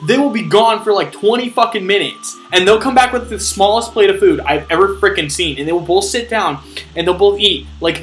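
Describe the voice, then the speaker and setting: A young man doing a comedic rant vlog, animated and swearing, acting out his own inner voice. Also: sits high, a little hiss or hum. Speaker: vlogger ranting.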